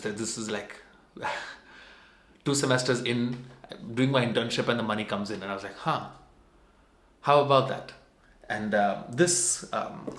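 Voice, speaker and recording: A young adult man, a vlogger with a somewhat bright mid-range voice, tells a personal story in a meandering, conversational, self-mocking manner. It's casual storytelling, and the recording has a roomy echo.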